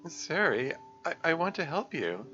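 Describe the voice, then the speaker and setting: A man voicing a caring, earnest teenage girl, club president, speaking in a gentle, pleading, concerned way. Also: fairly high pitch, sing-song, measured pace, lo-fi sound, soft background music, voice pushed up, exaggerated voice. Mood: worried.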